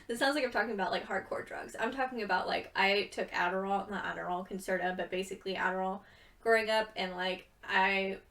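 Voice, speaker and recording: A woman's voice: mid-range voice, fairly even intonation, fairly quick, fairly bright tone, far from the mic. A young woman chatting casually and rambling with giggles, tired from too little sleep. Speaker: gaming video creator. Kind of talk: casual chat over gameplay.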